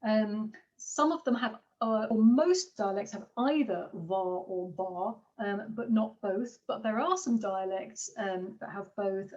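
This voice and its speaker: A woman's voice: medium pitch, takes it slowly, hardly any pauses, a little mellow. A woman lecturer giving an academic seminar talk, hesitant with many fillers. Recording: distant muffled online talk recording.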